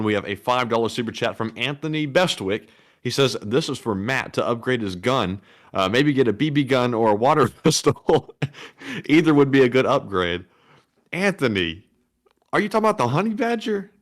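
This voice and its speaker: A man's voice: mid-range voice, expressive, moderate pace. A man co-hosting a livestream, casually reading out viewer donations in an easygoing way, with chuckles. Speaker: co-host reading viewer messages.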